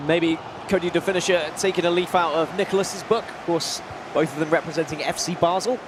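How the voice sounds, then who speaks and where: A man with a high voice gives color commentary on an esports football match. He talks in a chatty, analytical way about tactics and players. Faint noise runs under the recording. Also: fairly even intonation, a little fast.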